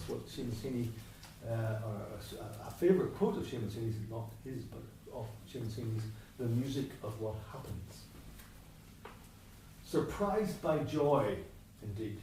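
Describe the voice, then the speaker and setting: A man's voice: mid-range voice, dark tone, a little hiss or hum. Man lecturing in an echoey church. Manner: discursive, self-interrupting, with asides. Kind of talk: academic lecture on poetry. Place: church hall. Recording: distant mic, echoey church hall.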